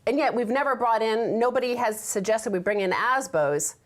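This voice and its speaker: A woman co-hosting a talk show, presenting financial news and commentary in a measured way. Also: fairly high pitch. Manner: measured, reads figures steadily.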